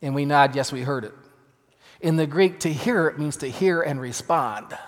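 High-voiced man preaching in a reverberant hall. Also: moderate pace. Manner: emphatic, dramatic shifts in loudness. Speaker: pastor. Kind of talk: sermon. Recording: long reverb of a large hall.

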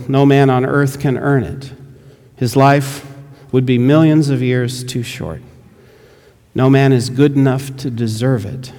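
A man's voice: medium pitch, dark tone, lightly acted. A man playing an earnest missionary, speaking urgently and persuasively, heard with a long hall reverb. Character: earnest, eager male missionary.

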